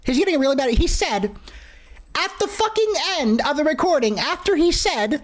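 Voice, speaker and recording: Woman streamer, swears constantly, exasperated rants, lively high delivery. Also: normal speed. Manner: profane, exasperated rants with sudden shouts. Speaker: streamer playing a horror game. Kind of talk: casual gameplay commentary.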